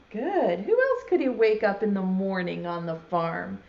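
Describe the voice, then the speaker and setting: A woman teaching a virtual preschool lesson, talking slowly and in an exaggerated, sing-song way to small children and signing words as she goes. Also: mid-range voice, expressive, creaky, a little mellow. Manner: uses sign language alongside speech. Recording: dull lo-fi sound.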